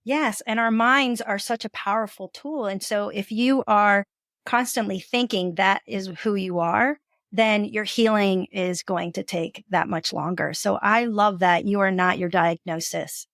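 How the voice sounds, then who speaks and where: A woman's voice: mid-range voice, steady tone, unhurried, creaky, fairly bright tone, no room sound, studio quality. A woman hosting a podcast interview, affirming her guest and asking encouraging questions. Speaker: podcast host. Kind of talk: casual interview talk.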